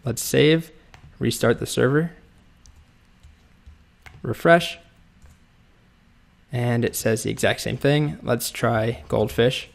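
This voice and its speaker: A man with a mid-range voice and vocal fry teaches a coding lesson at a slow pace, leaving long pauses. It's a screen-recorded tutorial, and he calmly explains step by step while he types.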